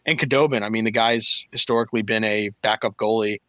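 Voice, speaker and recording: A man's voice: fairly low pitch, fairly even intonation, fast talker, fairly bright tone, no echo. A man co-hosting a podcast, talking hockey in a casual, analytical way with frequent fillers. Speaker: podcast co-host. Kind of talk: casual sports chat.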